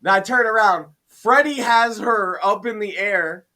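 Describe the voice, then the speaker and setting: Bright, high-voiced man telling a story. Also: unhurried. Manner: animated retelling, acts out his own quotes. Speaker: podcast guest. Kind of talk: casual storytelling chat.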